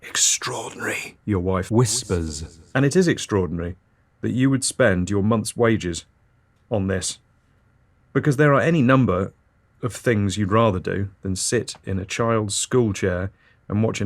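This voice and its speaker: A man's voice: lowish voice, measured pace. A man hosting an absurdist comedy podcast, reading scripted nonsense in a dry, matter-of-fact way. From Britain.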